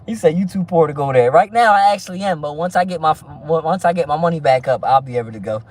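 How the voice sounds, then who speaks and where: A man's voice: a little high, fast. Preachy, profane man on a livestream. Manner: rambling, preachy about faith, heavy street slang and profanity; stumbling restarts, frequent "you feel me". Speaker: livestream host. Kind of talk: casual livestream chat with viewers.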